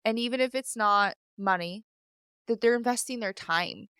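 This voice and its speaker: A woman's voice: on the high side, moderate pace, sharp tone, smooth, no room sound, clean studio sound. A young woman hosting her own podcast in candid, casual chat, full of fillers and teary at times. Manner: candid, filler-heavy, chatty. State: teary and sniffling. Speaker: podcast host. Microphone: studio microphone.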